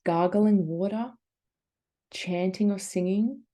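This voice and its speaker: An Australian woman leading a breathing workshop as a yoga teacher, guiding gently and encouragingly in a casual, chatty way. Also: lowish voice, normal speed. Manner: gentle, encouraging, casual filler-heavy guidance.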